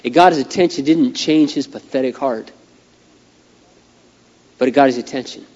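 A middle-aged man preaching a sermon with animated, folksy storytelling. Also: medium pitch, normal speed, muffled recording. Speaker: pastor. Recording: long hall reverb.

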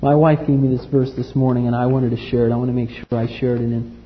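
A man preaching a sermon with passion, swinging from loud outbursts to hushed tones. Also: mid-range voice, fairly even intonation, quick pace, a little hiss or hum. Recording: dull, hall-like recording.

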